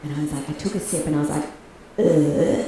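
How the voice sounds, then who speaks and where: Australian woman comic, brash and animated, echoey room, heard from a distance, laughing crowd behind. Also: low voice, very fast, background noise. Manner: brash, animated storytelling with acted-out quotes. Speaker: stand-up comedian. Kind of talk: stand-up comedy set. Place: comedy club stage. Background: audience laughter.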